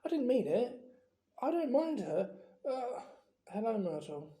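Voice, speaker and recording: A reader voicing an earnest, know-it-all schoolgirl who pleads quickly and anxiously. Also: medium pitch, big pitch swings, dark tone, roomy sound, voice pushed up.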